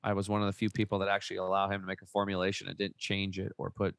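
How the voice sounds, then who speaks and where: Excitable, folksy man in his forties. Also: low-pitched, rapid-fire, gravelly, dry recording. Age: 40s. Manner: excitable, folksy, swears mildly. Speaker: podcast guest. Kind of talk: casual interview storytelling.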